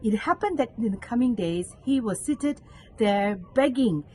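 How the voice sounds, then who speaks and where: An earnest woman with a Malaysian English accent reflects on a scripture passage as a lay catechist. Her voice sits fairly high. A faint background noise runs under the recording. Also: lively intonation, measured pace, low-quality recording. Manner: earnest, acts out quoted voices with sudden pitch jumps. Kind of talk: devotional reflection.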